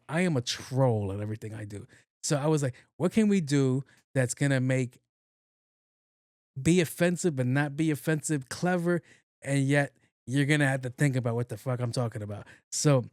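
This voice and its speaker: A man's voice: mid-range voice, a little mellow, no echo, clean studio sound. A man hosting a podcast, telling a workplace story in a casual, profane, joking way and acting out the dialogue. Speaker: podcast host.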